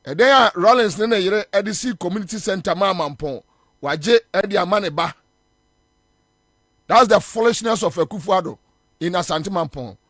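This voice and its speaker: A man's voice: high-pitched, lively intonation, normal speed, fairly bright tone, no echo, studio quality. A Ghanaian man hosting a morning radio show, delivering combative political commentary and hammering his points with repetition. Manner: combative, scornful, repeats phrases for emphasis.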